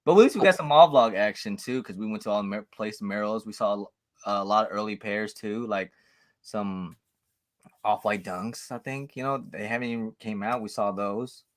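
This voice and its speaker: A man's voice: lowish voice, normal speed. A man chatting as co-host on a livestream, retelling stories with a lot of laughter. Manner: laughing storyteller, animated retellings. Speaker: co-host friend. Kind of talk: casual chat.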